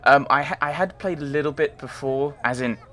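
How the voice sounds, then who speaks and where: A man's voice: fairly high pitch, a little fast, pushed and bright. A man giving casual commentary on his gameplay, rambling and chatty, often mocking himself. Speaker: let's play host.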